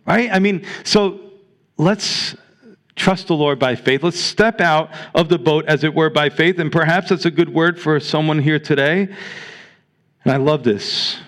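A man's voice: on the high side, measured pace, fairly bright tone. A man with a New York accent preaching a sermon as a pastor, talking in a conversational way, often restarting and repeating words.

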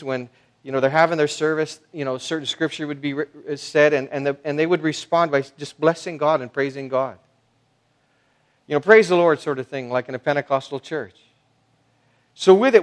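Male pastor, mid-pitched voice, chatty sermon, drops to quiet asides then punches words loudly. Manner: conversational, many fillers and restarts; swings between soft asides and loud emphasis.

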